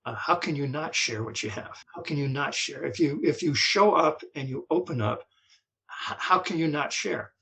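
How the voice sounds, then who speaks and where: An older man from New Jersey telling his story as a guest, halting and repeating words as he talks. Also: a little high, animated, creaky, pushed and bright, rough recording. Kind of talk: personal recovery story.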